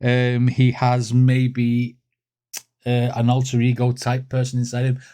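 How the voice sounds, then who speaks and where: A man's voice: medium pitch, completely flat delivery, measured pace, mellow. A man hosts a music reaction video, breaking down lyrics with chuckles and enthusiasm. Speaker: music reaction channel host. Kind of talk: casual reaction commentary.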